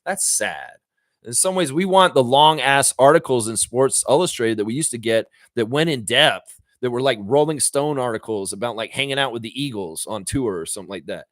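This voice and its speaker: Animated ranting male sports host. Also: normal speed, no echo, studio quality. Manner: animated and swearing, jumping up high for emphasis; mocks people with put-on quoted voices. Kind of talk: profane ranting commentary.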